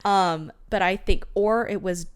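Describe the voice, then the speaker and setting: A woman's voice: medium pitch, measured pace, smooth, dry recording, clean studio sound. Chatty young woman podcast co-host. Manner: animated, reads book quotes aloud, laughs often. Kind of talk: casual book-discussion chat.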